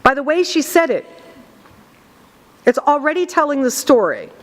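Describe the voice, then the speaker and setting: A fairly high-voiced woman teacher guides her drama class through a poem, speaking slowly and deliberately. Her voice rings with a long reverb in the classroom. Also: very animated. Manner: slow, deliberate, explanatory. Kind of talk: classroom instruction.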